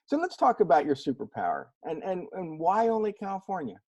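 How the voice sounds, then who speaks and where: A man's voice: high voice, big pitch swings, fairly quick, darkish tone, dull audio. A man hosting an interview show, introducing his guest in a friendly, upbeat way and asking questions. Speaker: podcast host.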